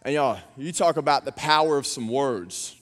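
A man, preaching a sermon and telling family stories with animated impressions. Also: medium pitch, moderate pace. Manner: animated storytelling, acting out his daughters' voices. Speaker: pastor. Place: church auditorium. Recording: long reverb of a church hall.

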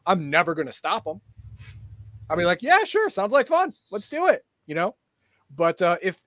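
Male co-host, somewhat high voice, dry close sound, jokey and emphatic. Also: no echo. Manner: joking, emphatic announcements. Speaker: game master podcast co-host. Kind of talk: casual live-stream chat.

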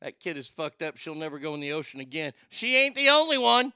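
A man in his fifties hosting a radio talk show, telling stories in a loud, joking, rambling way into a studio microphone. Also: on the high side, very animated, fairly quick, clean tone, no echo. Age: 50s.

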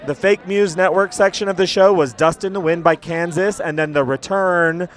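A man's voice: high-pitched, fairly even intonation, moderate pace. A man hosting a casual after-show podcast, talking with enthusiasm and sounding a little sick, recorded outdoors in a city. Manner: enthusiastic, chatty. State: sick, cold. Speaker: podcast host.

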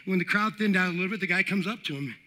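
A man preaching a casual, conversational sermon, often checking in with "all right" and building to loud high points. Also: very fast. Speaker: pastor.

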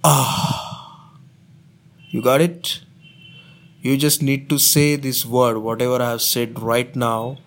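A man making a prank phone call, insistently pitching a fake casting offer. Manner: insistent, smooth-talking recruiter pitch. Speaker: prank caller.

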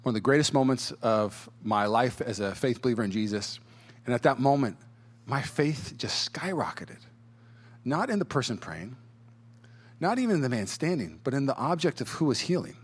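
A man preaching a sermon as a pastor, telling a personal story in an animated way, acting out quotes in different voices and chuckling often. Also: mid-range voice, moderate pace, breathy edge. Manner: chuckles as he talks.

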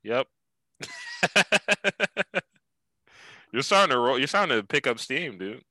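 A man's voice: fairly high pitch, wildly swooping pitch, slow, pushed and bright, dry recording, low-quality recording. A young man hosting a podcast in laid-back casual chat, swearing often and calling his guest dude. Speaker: podcast host.

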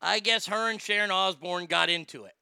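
A man's voice: sits high, brisk, creaky, bright, forceful tone, smooth, no echo, studio quality. A man hosting a ranting commentary, sarcastic and incredulous, swearing freely. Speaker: commentary host.

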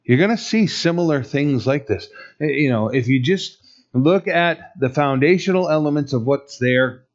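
A man's voice: fairly high pitch, lively intonation, moderate pace, dull audio. A male pastor giving a conversational, emphatic sermon with rhetorical questions to the congregation.

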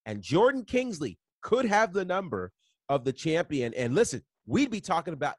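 A man's voice: a little high, big pitch swings, moderate pace, no echo. A man co-hosting a podcast, talking emphatically about sports underdogs with "listen" and "you know". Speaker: podcast co-host. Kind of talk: casual podcast chat.

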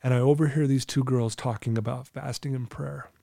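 A middle-aged man recounts his life story with open, earnest candor, sometimes choked with emotion. His tone is mellow and warm, recorded close in a dry, dead space. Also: medium pitch, steady tone, a little fast, vocal fry, no echo. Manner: earnest, candid, storytelling with quoted inner thoughts. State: emotional, clearing his throat. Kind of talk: emotional personal testimony.

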